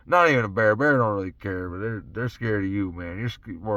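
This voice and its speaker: A young Wisconsin podcast host rambles casually and profanely about his life while sitting in his parked truck, laughing between thoughts. His mid-range voice swings widely in pitch, moves at a moderate pace with few pauses, and has a fairly bright tone. A phone or camera in the truck records him.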